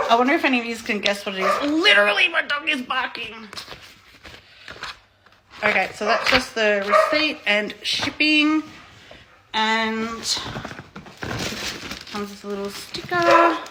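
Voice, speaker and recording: A woman in her thirties from Australia, casually unboxing on her vlog, excitable and gushing, swearing freely. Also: on the high side, very noisy. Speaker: vlogger.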